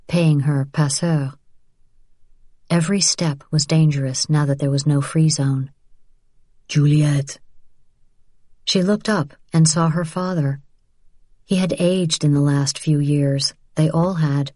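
A woman narrating an audiobook in a low, dark voice, measured and steady. The sound is dry and close, with no room around it. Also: dry recording. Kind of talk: scripted narration.

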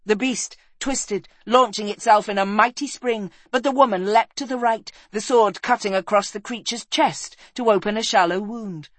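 A woman narrates a fantasy adventure with dramatic storybook expression. Her voice sits at an ordinary middle pitch and sinks low and quiet for the sorrowful moments. The recording is close and dry. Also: normal speed, few pauses, dry recording. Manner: expressive, drops low and soft for sad passages.

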